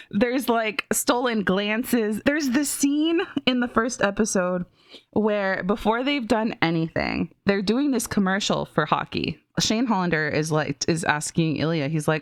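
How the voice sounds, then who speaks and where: A woman co-hosting a film and TV review podcast in casual chat, animated and gushing, laughing and breaking off mid-sentence. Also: mid-range voice, a little slow, no room sound, studio quality. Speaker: podcast co-host reviewing films and TV.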